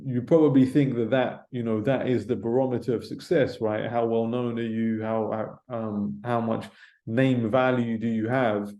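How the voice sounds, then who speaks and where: Solo male pundit, casual and profane, mellow voice, echoey room without a mic. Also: medium pitch, level tone, normal speed. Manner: rambling, swearing, lots of filler tags. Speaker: boxing pundit. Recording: roomy echo, no mic.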